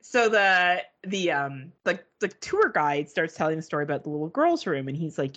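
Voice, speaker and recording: A woman's voice: low-pitched, big pitch swings, moderate pace, hardly any pauses, a bit bright. A woman co-hosting a podcast, telling a story in casual, profane chat and mimicking beeping gadgets. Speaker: podcast co-host.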